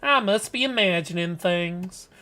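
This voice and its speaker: A timid young Southern woman, as a man puts her on, speaking softly and slowly. Her plaintive American Southern drawl has a bright edge to it. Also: high voice. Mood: wondering.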